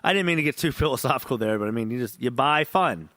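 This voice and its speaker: A man's voice: mid-range voice, animated, fast talker, bright, forceful tone, no room sound, clean studio sound. A man co-hosting a podcast in casual chat, tipsy, rambling, profane and laughing often. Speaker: podcast co-host.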